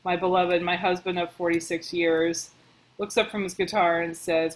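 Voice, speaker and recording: A woman working as a book editor, reading passages aloud and thinking out loud in a casual, chatty way as she comments on them. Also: lowish voice, flat delivery, moderate pace, low-quality recording.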